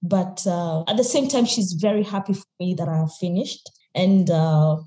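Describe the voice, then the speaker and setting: A young Kenyan woman speaks in a mellow, dark-toned voice, candid and reflective, laughing often as she talks. Her voice rings in an echoey room, and she restarts phrases as she goes. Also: on the low side, moderate pace. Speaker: podcast guest. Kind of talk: podcast interview.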